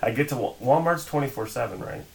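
A man's voice: medium pitch, quick pace, vocal fry, slight background noise, low-quality recording. A man co-hosting a casual podcast, telling a long story in a profane, exasperated way and acting out the people in it. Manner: animated retelling with quoted voices. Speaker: podcast co-host.

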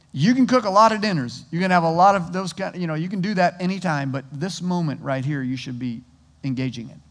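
A man preaching a sermon in an easy, conversational style, with a fairly high voice that often restarts its phrases. His voice echoes with the long reverb of a large hall. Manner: conversational, animated storytelling with many restarts. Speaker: pastor.

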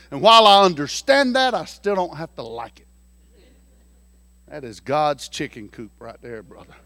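A man preaching a sermon in a very high, bright voice. He tells a folksy story, dropping to a hush and then rising to shouts. The sound is dry and close. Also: no room sound. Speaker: pastor.

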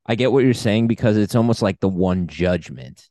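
Male podcast co-host, low-ish voice, dry close sound, upbeat explainer. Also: lively intonation, normal speed, mellow, no echo. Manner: upbeat, explains definitions at length. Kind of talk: casual conversational podcast.

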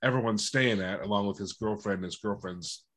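A man in casual chat as a co-host, laughing often and acting out lines with big jumps in pitch. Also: brisk, a bit bright.

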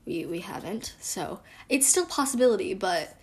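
A woman's voice: mid-range voice, lively intonation, normal speed. A young woman co-hosting a casual podcast, giggling and restarting her intro lines. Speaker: podcast co-host. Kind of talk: casual podcast chat, blooper takes.

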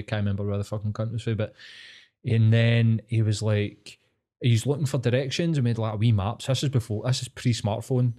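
Warm and on the low side, with a level tone, this Glaswegian co-host swaps sweary stories on a podcast. He's from Scotland and keeps things casual, briefly voicing other people's lines as he goes.

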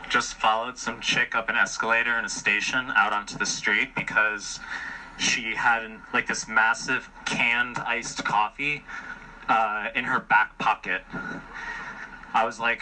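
A man's voice: mid-range voice, steady tone, a little slow, pushed and bright, low-quality recording. A man talking casually and bluntly into his camera, swearing and rambling as he walks city streets and stations at night. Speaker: vlogger. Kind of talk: casual walking vlog.

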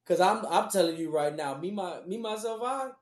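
A man with a fairly high voice trading crude jokes in a casual podcast. He talks in a loose, profane, animated way, and the room around him rings with echo. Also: moderate pace. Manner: profane, joking, animated storytelling. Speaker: podcast co-host.

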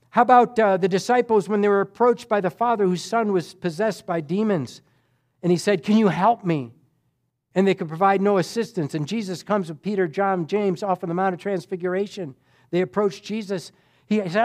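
High-voiced animated male preacher. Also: moderate pace. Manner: animated, acts out Bible dialogue with sudden loud and soft swings. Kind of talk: sermon.

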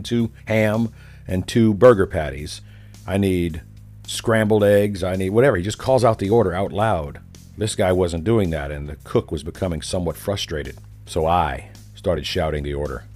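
A man's voice: deep voice, darkish tone. A man delivering a sarcastic, ranting monologue, telling a story as a commentator.

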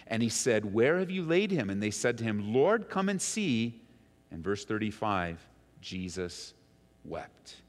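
A man preaching a sermon, animated and quick in his stories, softer and lower when reading scripture aloud. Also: long reverb tail. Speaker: pastor.

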